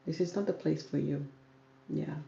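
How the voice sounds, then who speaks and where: Soft-spoken woman from South Sudan hosting a casual livestream Q&A; low, gravelly voice in an echoey room. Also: normal speed, lo-fi sound. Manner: calm, soft-spoken, reads out viewer comments. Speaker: YouTuber. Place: home room with ring light. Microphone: camera on ring light.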